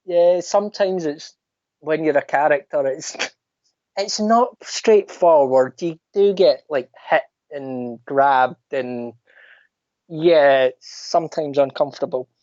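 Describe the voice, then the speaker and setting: Lebhafter schottischer Mann, dumpfer Klang. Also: male voice, fairly high pitch, slow, dry recording. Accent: Scottish. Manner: animated anecdotes, mimics other people's voices. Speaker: podcast guest. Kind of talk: casual storytelling chat. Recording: dull lo-fi dry sound.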